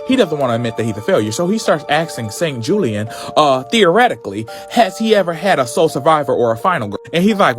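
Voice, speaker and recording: A man casually recapping a comic book, telling it in a sassy, animated way full of slang. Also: on the high side, fast, hardly any pauses, music in the background.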